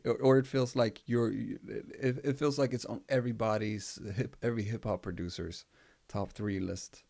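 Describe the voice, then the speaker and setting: A man's voice: mid-range voice, creaky, dark tone. A man chatting loosely on a livestream, rambling, laughing often and swearing freely. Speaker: music producer livestream host. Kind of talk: casual livestream chat.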